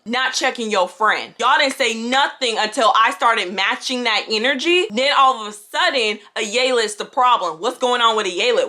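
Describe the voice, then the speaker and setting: A young woman tells a storytime vlog with plenty of sass and indignation. Her voice is bright and sharp, and she slips into mock voices when she quotes her friends. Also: a little high. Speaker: vlogger.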